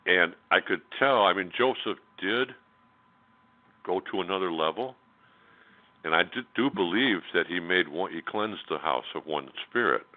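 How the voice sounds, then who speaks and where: A man's voice: sits low, animated, normal speed. A man telling a personal story as a radio interview guest, in a candid, blunt way with many fillers and restarts. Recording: tinny phone line.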